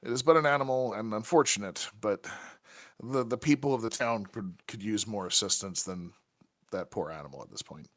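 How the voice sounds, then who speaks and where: A man doing a flustered, fast-talking village priest. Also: on the low side, a bit bright, no room sound, lightly acted. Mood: worried. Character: anxious, kindly male village priest.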